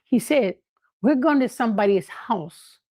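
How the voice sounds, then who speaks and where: An older woman telling lively anecdotes in a casual way, laughing often and acting out what others said. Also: a little high, a little slow, no room sound. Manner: animated, laughing, acts out quoted voices. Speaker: guest storyteller.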